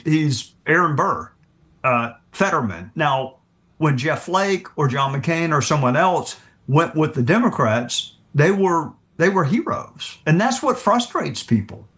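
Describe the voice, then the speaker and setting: A man with a slightly high voice answers as a guest, speaking candidly with a dry, wry edge. He often restarts sentences mid-thought, in a relaxed conversational way. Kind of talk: conversational interview.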